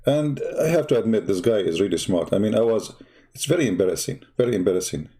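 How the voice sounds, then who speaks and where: Mocking, dark-voiced male livestream host. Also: fairly low pitch, expressive, quick pace. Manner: sarcastic, scolding, laughs at his opponent. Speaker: online broadcast host.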